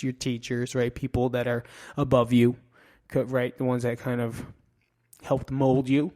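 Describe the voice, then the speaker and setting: A man's voice: mid-range voice, flat delivery, unhurried, a little mellow. A middle-aged man hosting a casual monologue, joking and swearing as he mocks himself. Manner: profane, joking, self-mocking. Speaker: podcast host.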